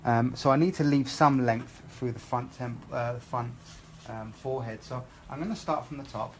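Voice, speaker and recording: British male hair educator, middle pitch, methodical live cutting demo, faint background noise. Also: normal speed. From England. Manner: explains steps methodically, asks okay?. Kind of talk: live haircut demonstration.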